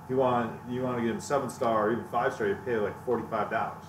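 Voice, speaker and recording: A man's voice: medium pitch, steady tone, fast talker. A man in a casual podcast chat, griping wryly about gaming. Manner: wry, griping. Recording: echoey room, distant mic, clear noise.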